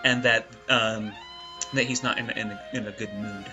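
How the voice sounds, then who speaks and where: A man's voice: lowish voice, steady tone, normal speed, sharp tone, muffled recording, soft background music. A man narrating as the game master of a tabletop game, in a casual, teasing way with many fillers.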